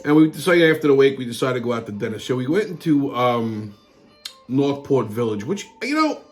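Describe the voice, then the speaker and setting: A middle-aged man hosting a weekly wrap-up show, ranting crudely and angrily, often breaking into shouts, then reading sports listings in a casual way. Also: medium pitch, very animated, a little fast, soft background music. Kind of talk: profane rant and casual show segments.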